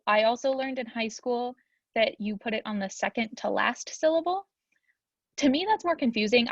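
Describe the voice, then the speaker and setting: A woman's voice: fairly high pitch, dry recording, dull audio. Chatty young woman teaching grammar. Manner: chatty, frequent ums, upbeat asides. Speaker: Spanish teacher. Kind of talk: recorded grammar lesson.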